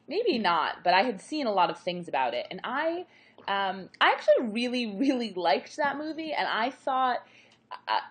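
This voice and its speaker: A woman talking about movies from home over a call, chatty and reflective, with many restarts. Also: mid-range voice. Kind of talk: casual conversation about movies.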